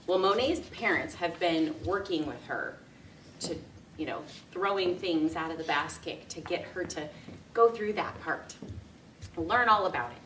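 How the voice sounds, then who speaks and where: A woman giving a speech, telling a personal story in a lively way and laughing often. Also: fairly low pitch, unhurried, slight background noise. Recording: echoey room, mic from a distance.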